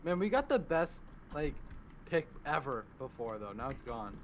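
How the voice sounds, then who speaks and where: A man's voice: mid-range voice, big pitch swings, moderate pace. A young man hosting a casual game let's play, joking and teasing his friends. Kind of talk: casual gaming chat. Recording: noisy home mic with keyboard typing.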